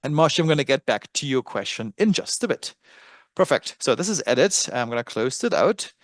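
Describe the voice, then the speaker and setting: A man with a German accent hosts a live screen-share trading webinar in a medium-pitched, sing-song voice at normal speed. The recording is studio quality with no room sound, and he speaks casually, thinking aloud with many fillers.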